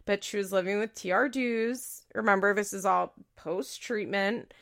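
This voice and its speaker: A woman recaps a reality TV show in casual, blunt commentary, cursing freely. Her voice carries a gravelly vocal fry at a middle pitch for a woman. She leans on "like" as a constant filler. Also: moderate pace, a bit bright. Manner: blunt, profane, frequent "like" fillers.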